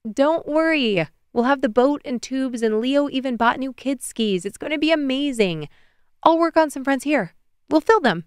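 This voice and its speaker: A woman's voice: medium pitch, sing-song, quick pace, clean tone, dry recording, studio quality, lightly acted. A woman narrator voicing an upbeat adult woman reassuring her sister on the phone in an audiobook.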